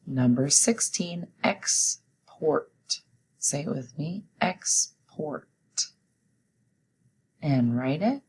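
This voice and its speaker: A low-pitched woman reads out a spelling test at an unhurried, measured pace, like a teacher talking to young students. Each test word gets slow, careful stress. Soft hiss sits under her voice. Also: expressive, poor audio. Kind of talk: recorded classroom spelling dictation.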